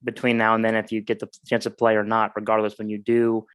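Low, flat-voiced man in casual talk. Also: fast talker, clear, resonant tone, no echo. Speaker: podcast co-host. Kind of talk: casual chat.

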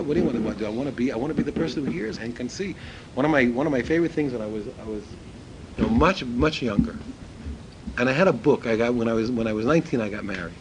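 In a mid-range voice, an older man teaches Torah informally, animating his stories by performing the dialogue loudly and frequently repeating or restarting what he says. The recording is rough, with slight background noise.

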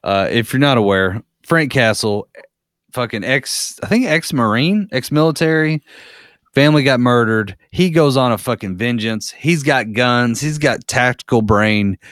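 A man's voice: medium pitch, measured pace, a bit bright, no echo, clean studio sound. A man in a casual podcast chat, a profane, rambling storyteller.

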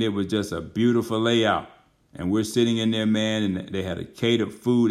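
A middle-aged man preaching from the pulpit, his voice sitting a little low. He tells his story in a folksy, earnest way, peppering it with "man." The delivery is that of a pastor speaking to his congregation. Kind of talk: storytelling sermon.

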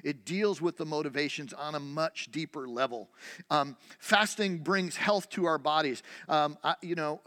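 A man with a high, bright voice preaches, throwing rhetorical questions at his congregation. His sermon rings out in a church hall with a long reverb. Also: normal speed. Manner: conversational preaching, rhetorical questions, repeated restarts. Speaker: pastor.

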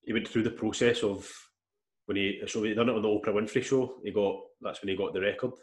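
A man telling a long story in casual chat, rambling and animated, with restarts and swearing. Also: on the low side, fast. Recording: echoey room.

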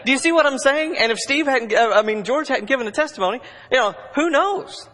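A male pastor preaching a sermon in a church, conversational, moving between urgent bursts and hushed asides. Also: very high voice, lively intonation, a little fast. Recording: long reverb of a large hall.

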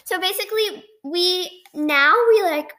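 A teenage girl co-hosting a podcast, chatting fast and giggling, with lots of "like" and fillers as she reacts to an old episode. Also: very high voice, bright, forceful tone. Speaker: podcast co-host.

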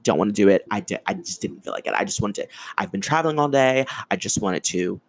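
Animated, swearing young male podcast host. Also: lowish voice, fast talker, few pauses. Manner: animated, swearing, ranting storyteller. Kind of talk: casual solo storytelling.

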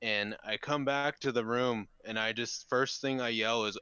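A man in his twenties, a podcast co-host, telling an animated and profane story in casual chat. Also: mid-range voice, moderate pace, clean tone, no room sound. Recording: slightly dull lo-fi sound.

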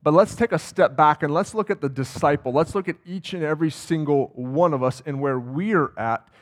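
In a church sanctuary, a campus pastor preaches a sermon in a conversational style, putting questions to the congregation. His voice is on the high side and his speed normal.

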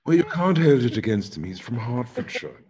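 A man's voice: mid-range voice, sing-song, a little fast, darkish tone. A man with a posh English accent hosting a casual chat, full of dry jokey banter and mock-grand phrasing. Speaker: host.

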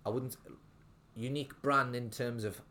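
A man's voice: medium pitch, steady tone, moderate pace, bright, forceful tone. A young man, a restaurant owner telling his story in a casual interview, rambling with lots of fillers and restarts. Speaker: restaurant owner, podcast guest.

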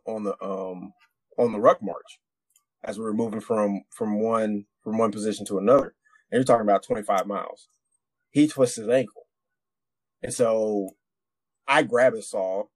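Profane rambling veteran storyteller. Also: male voice, fairly low pitch, measured pace, long pauses, husky, no echo. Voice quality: rambling, profane, many restarts. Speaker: podcast co-host, military veteran. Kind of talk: casual storytelling.

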